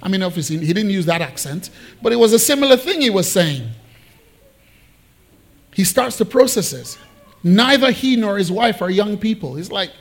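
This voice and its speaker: A man preaching a sermon, switching into playful voices to act out Bible figures. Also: high-pitched. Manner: animated, acts out biblical figures in quick asides. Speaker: pastor.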